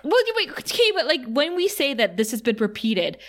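A woman's voice: high-pitched, brisk. Chatty young woman recapping a show. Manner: chatty and animated, quoting characters with laughs. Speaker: podcast co-host recapping a TV episode. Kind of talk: casual chat.

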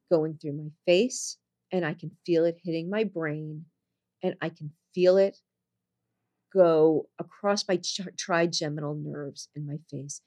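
A woman telling a personal story in conversation, earnest, going soft and low on serious moments and jumping high when she quotes people. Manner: animated, jumps high when quoting people.

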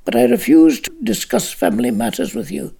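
A man's voice: high-pitched, huge pitch swings, moderate pace, gravelly, darkish tone, husky, exaggerated voice. A man reading a novel aloud and voicing a fussy, self-important, querulous male conjurer who is also an author. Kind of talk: audiobook character reading.

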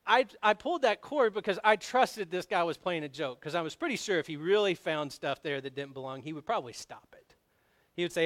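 Animated storytelling male pastor. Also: high voice. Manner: storytelling, animated, grows loud on emphasis. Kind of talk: sermon.

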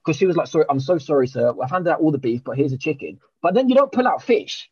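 A man, hosting a podcast and telling a long story in animated, sweary casual chat. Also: a little high, quick pace, dull audio. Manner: animated, swears a lot, with many restarts and reported speech. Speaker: podcast host.

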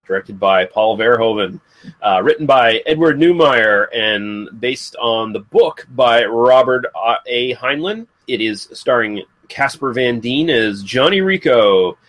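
A man's voice: medium pitch, expressive, measured pace, fairly bright tone. Laid-back man hosting a film podcast. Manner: laid-back, swearing casually. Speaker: podcast host. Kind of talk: casual film review chat.

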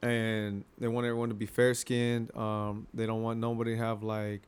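A man's voice: on the low side, completely flat delivery, moderate pace, smooth. A young man chatting casually, swearing freely and acting out scenes with quoted voices as he retells a story. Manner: loose and profane, acts out scenes in quoted voices. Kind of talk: casual chat.

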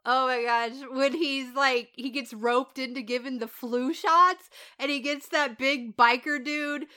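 A woman's voice: high voice, fairly even intonation, measured pace, sharp tone, clean tone. A woman who is a parent, co-hosting a podcast in casual chat and retelling show scenes with giggles and swearing. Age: adult parent. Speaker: podcast co-host.

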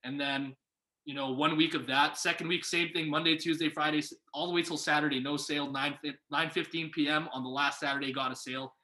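A young man telling a story in casual conversation, lively and acting out what people said. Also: on the high side, brisk. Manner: animated, acts out quoted voices. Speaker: guest. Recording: echoey room.

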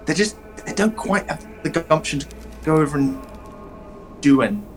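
A man's voice: a little high, animated, normal speed, soft background music, poor audio. A man narrating as game master, rambling with lots of fillers and restarts.

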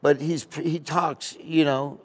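A man's voice: fairly high pitch, steady tone, takes it slowly, husky. A man, a comedian guest, telling rambling stories in a casual interview. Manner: rambling, storytelling with asides.

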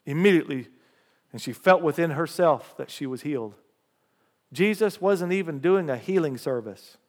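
A man preaching a sermon, reading scripture aloud with rising emphasis and lively call-and-response asides to the congregation. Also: fairly high pitch, normal speed. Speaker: pastor. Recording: long hall reverb.

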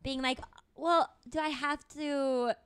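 A woman's voice: high-pitched, fairly even intonation, slow pace. A young woman hosting a casual chat, asking engaged follow-up questions with playful short reactions.

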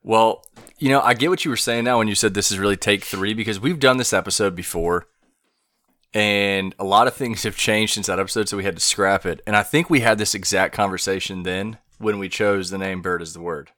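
A man's voice: fairly low pitch, a little fast, bright, forceful tone, no room sound, clean studio sound. A man co-hosting a casual podcast from home, easygoing and laughing as he talks. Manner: easygoing, laughs between words. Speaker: podcast co-host.

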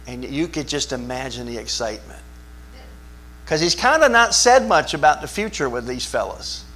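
A man preaching a sermon as pastor, talking conversationally and asking his listeners questions, swinging from hushed asides to loud, emphatic bursts. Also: mid-range voice, lively intonation, moderate pace. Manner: conversational, asks the congregation questions.

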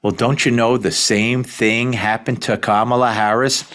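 A man's voice: medium pitch, sing-song, moderate pace, a bit bright. A man hosting a talk radio show, delivering an opinionated monologue in a sarcastic, incredulous, exclamatory manner.

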